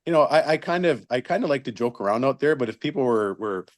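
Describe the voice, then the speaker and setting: A man's voice: medium pitch, quick pace. A man in his fifties, a retired hockey linesman, telling stories casually and acting out the quotes. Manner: animated storyteller, acts out quotes. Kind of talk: casual storytelling.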